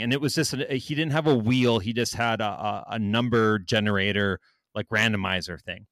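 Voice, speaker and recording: In a dry, studio-quality recording, a man with a medium-pitched voice talks briskly. He's telling a story in casual conversation, cursing heavily and acting out what people said.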